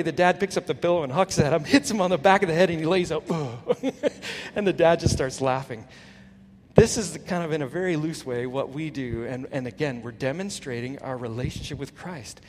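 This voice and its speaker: Preaching man in a reverberant hall. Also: slight background noise. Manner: earnest preaching, swinging between emphatic highs and soft, low asides. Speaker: pastor. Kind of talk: sermon. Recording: long hall reverb, faint ambience.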